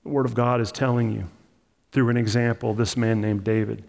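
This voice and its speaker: A man's voice: medium pitch, level tone, brisk, gravelly, a little mellow, long reverb tail. A man preaching a sermon as pastor, in a conversational, emphatic style that acts out the story.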